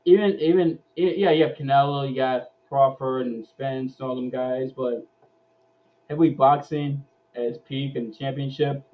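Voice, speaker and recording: A man hosting a casual live-stream sports chat in an ordinary middle-pitched voice. He often stumbles and repeats words before he gets a thought out. His audio sounds dull and lo-fi. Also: steady tone, normal speed. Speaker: host.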